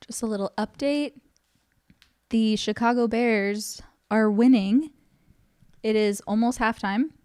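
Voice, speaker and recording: Young woman cohost, kinda high voice, rambly casual chat, lots of likes and ums. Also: slow pace, long pauses, darkish tone, clear, resonant tone. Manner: chatty, many "like" and "um" fillers. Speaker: podcast co-host.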